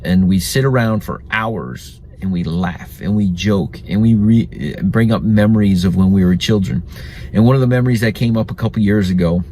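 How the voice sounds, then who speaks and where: Male podcast host, lowish voice, relaxed storyteller, faint hiss under it. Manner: chatty, reflective, laughs at his own stories.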